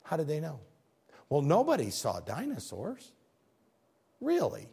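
Male speaker, emphatic faith talk with slides, very animated pitch, rhetorical questions. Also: normal speed, gravelly, slightly rough.

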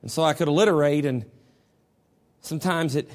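A middle-aged man preaching a sermon as pastor, mixing folksy storytelling with impassioned passages that rise to shouts. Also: a little high, brisk. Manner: impassioned, rising to shouts at peaks.

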